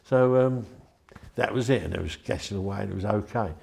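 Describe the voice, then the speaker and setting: A man's voice: lowish voice, a little fast, vocal fry, darkish tone. An older man, chatty and rambling as he tells anecdotes in an interview. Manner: rambling, chatty, with frequent restarts. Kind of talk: anecdotal storytelling.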